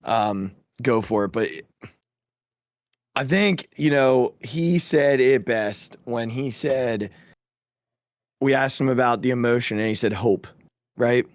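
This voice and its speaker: A man's voice: medium pitch, slow pace, pauses often, dry recording. A man, hosting a podcast in casual chat, emotional and stammering with restarts. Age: 30s. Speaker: podcast host.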